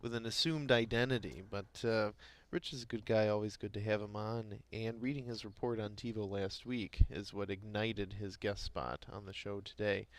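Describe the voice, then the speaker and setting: A man's voice: fairly low pitch, fairly even intonation, moderate pace, few pauses. A man co-hosting a morning market show, chatting and then reading news headlines with occasional stumbles and self-corrections. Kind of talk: casual chat and news reading.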